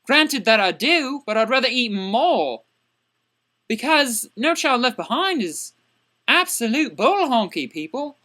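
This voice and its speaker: A woman's voice: fairly high pitch, sing-song, measured pace, pushed and bright, exaggerated voice. A woman playing a crude, indignant young man who rants exasperatedly in a comedic character vlog.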